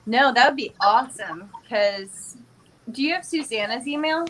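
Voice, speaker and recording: A woman's voice: fairly high pitch, lively intonation, normal speed, a bit bright, poor audio. A woman in a casual livestream chat who is enthusiastic and laughs easily. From American South. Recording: faint background noise.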